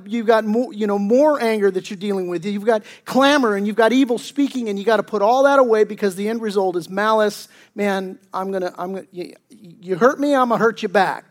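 A man preaching a sermon as a pastor, conversational and emphatic, with slang, frequent restarts and slower, deliberate scripture readings. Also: high-pitched.

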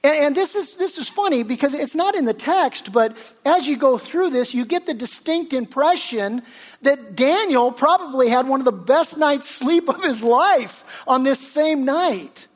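A man's voice: very high voice, animated, measured pace. A male pastor preaching a sermon in an earnest, conversational way, often restarting his sentences.

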